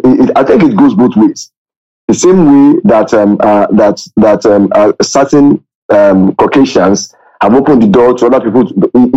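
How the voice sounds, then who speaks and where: Mellow, hesitant male co-host. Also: medium pitch. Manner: hesitant, many fillers and restarts. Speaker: podcast co-host. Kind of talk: casual sports podcast chat. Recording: dull lo-fi sound.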